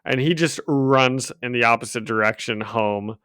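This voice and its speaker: Casual male podcast co-host, rambling recap, smooth clear voice, dry close sound. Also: mid-range voice, moderate pace, a bit bright, no room sound. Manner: laughing, rambling with fillers and restarts. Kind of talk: casual chat. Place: home room. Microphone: home microphone.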